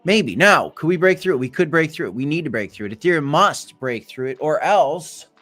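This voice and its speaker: A man's voice: a little high, lively intonation, a little fast, fairly bright tone, faint music behind. A man hosting a casual live stream of market commentary, chatty with playful asides and bursts of hype. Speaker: crypto live stream host.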